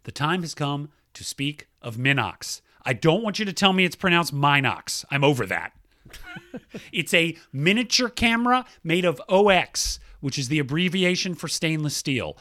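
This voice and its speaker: A man's voice: on the high side, sing-song, normal speed, bright, forceful tone, no room sound, clean studio sound. A male podcast co-host in casual chat, enthusiastically reading out listener mail.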